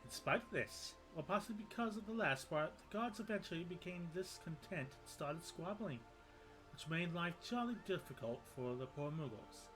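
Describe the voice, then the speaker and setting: A man voicing a small, fussy male moogle creature in a game cutscene, with a high, pleading voice and a cute verbal tic at the ends of lines. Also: animated, normal speed, music in the background, natural voice. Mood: storytelling. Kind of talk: reading game cutscene dialogue aloud in voices.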